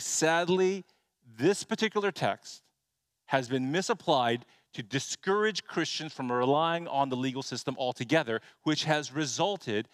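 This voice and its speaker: A man with a somewhat high voice delivers an expository sermon as pastor. He talks earnestly and emphatically, asks rhetorical questions and often restarts a word. The sound is close and dry, with no room echo.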